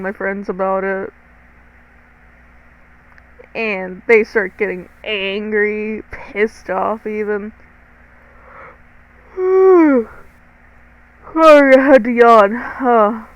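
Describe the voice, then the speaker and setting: A woman's voice: mid-range voice, smooth, highs cut off. A teenage girl narrating a storytime to viewers, chatty and dramatic, swearing freely and talking straight to the audience. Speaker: storytime vlogger.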